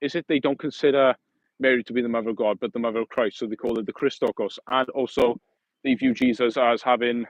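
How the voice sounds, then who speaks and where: A man's voice: mid-range voice, no room sound, poor audio. A man hosting a casual livestream outdoors, rambling and correcting himself in a friendly, matey way. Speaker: livestream host.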